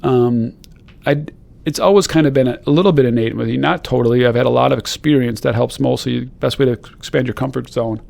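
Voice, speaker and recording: Gravelly-voiced man, podcast host sharing stories in a loose, rambling way. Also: medium pitch, fairly quick, darkish tone. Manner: rambling, earnest, with frequent fillers and restarts. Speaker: podcast host being interviewed. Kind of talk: casual conversational interview.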